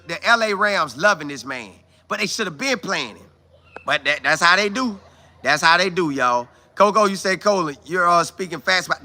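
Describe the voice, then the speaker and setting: Male stream host, high and very bright voice, animated and emphatic, addresses viewers directly. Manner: animated, exclaiming, repeats phrases for emphasis; talks straight to viewers, calling them y'all. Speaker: live stream host reading viewer comments. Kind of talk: casual live stream chat.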